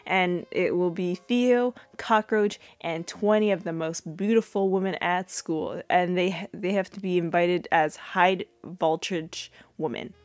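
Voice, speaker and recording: A young woman hosts a podcast and chats her way through an episode recap in a loose, wandering style. Her voice sits a touch low. The recording is close and dry, with no room sound. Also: fairly even intonation, a little slow, few pauses, dry recording. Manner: chatty and rambling, full of fillers and asides. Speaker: podcast host.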